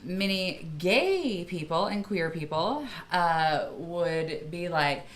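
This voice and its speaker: A brassy young woman from Kentucky holds court as a guest, spinning crude, sassy anecdotes in a slightly low voice. Her talk is loose and theatrical, full of punchlines and asides. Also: expressive, slow pace. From Kentucky, USA. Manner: bawdy, sassy storyteller. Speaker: performer guest on a live podcast. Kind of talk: casual chat.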